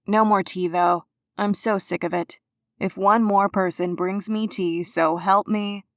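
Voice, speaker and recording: A woman's voice: mid-range voice, fairly even intonation, no room sound, studio quality, natural voice. A woman playing a weary, wry sick woman. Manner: slow, weary, teasing. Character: sick tired young woman, wry and stubborn.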